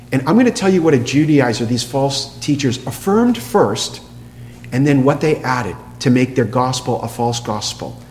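Man preaching in a reverberant hall. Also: fairly high pitch. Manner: emphatic, rhetorical questions, drops to a soft hush for quoted lines. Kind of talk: sermon. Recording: long hall reverb with faint hum.

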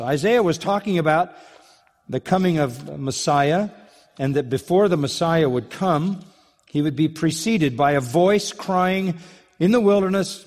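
A man preaching an earnest, emphatic expository sermon in a slightly higher voice than most men. His words ring out with the long reverb of a large hall. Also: animated, moderate pace, a little mellow. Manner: earnest, emphatic, acts out quoted lines. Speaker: pastor.

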